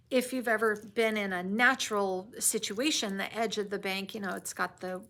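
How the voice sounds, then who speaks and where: A woman's voice: on the high side, fairly bright tone. A woman teacher recapping a novel chapter, reading passages aloud and adding conversational asides to the listener.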